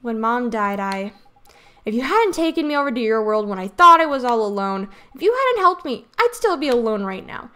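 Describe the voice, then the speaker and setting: A woman voicing a gentle, earnest young boy hero as she reads a game's dialogue aloud, speaking softly and a little hesitantly. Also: on the high side, big pitch swings, moderate pace, clean tone. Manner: soft, hesitant. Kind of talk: reading game dialogue aloud.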